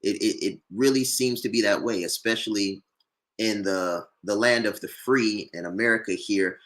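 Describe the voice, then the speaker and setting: Earnest low-voiced man reflecting aloud. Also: normal speed, a bit bright. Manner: earnest and reflective, repeating words as he builds a point. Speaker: entrepreneur and former rapper. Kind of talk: casual live discussion.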